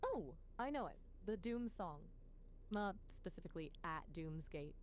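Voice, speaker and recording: A woman's voice: lowish voice, very animated, unhurried. A synthetic woman's voice playing an AI companion, chatting in a playful, witty manner. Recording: noisy background.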